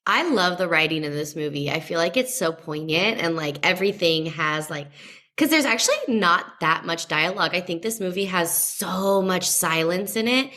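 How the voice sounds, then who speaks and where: A woman's voice: lowish voice, lively intonation, moderate pace, sharp tone. A young woman co-hosting a podcast in casual chat, talking with lots of "like" fillers. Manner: chatty, many "like" fillers. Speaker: podcast co-host.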